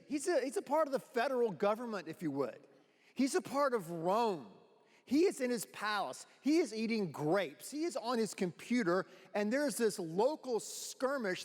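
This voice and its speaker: Playful man preaching in a reverberant hall. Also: sits high. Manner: playful, chatty, laughs easily. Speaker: pastor. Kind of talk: sermon with live audience participation. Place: large church auditorium. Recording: long reverb of a large church hall.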